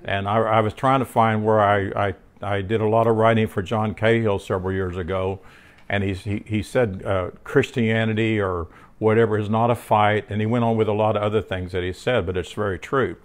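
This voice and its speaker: Fairly quick and steady in tone, this low-leaning male voice delivers a relaxed Bible lesson. He keeps restarting sentences, fills gaps with filler words, wanders into personal anecdotes, and tosses tag questions to his listener.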